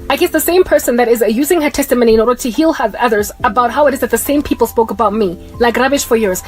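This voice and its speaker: A woman speaks in a rapid, emphatic rush. She delivers an impassioned religious monologue in a raised, preachy voice. Faint music plays underneath. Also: on the high side. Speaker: Christian vlogger.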